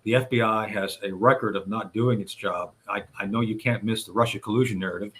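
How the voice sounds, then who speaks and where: A man's voice: on the low side, fairly even intonation, brisk, fairly bright tone. A man guest on a radio talk show, recounting events step by step and addressing the hosts directly. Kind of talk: conversational storytelling.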